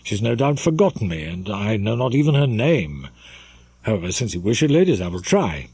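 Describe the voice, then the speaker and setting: Vain young captain played by a man, swaggering, boastful, lively, mellow tone. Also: lowish voice, a little fast, breathy edge, no room sound, exaggerated voice. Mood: offhand.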